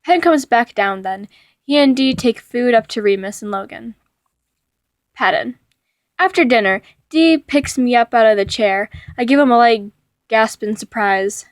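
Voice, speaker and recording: A woman reading a fan-fiction story aloud as narrator, with a steady, even delivery. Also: on the high side, moderate pace, no echo, studio quality.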